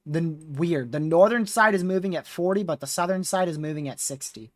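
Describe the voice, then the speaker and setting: A man's voice: a little high, a little fast, no echo, studio quality. A man hosting a live severe-weather stream, talking casually with viewers while reading radar, his voice starting to wear out. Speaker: livestream host.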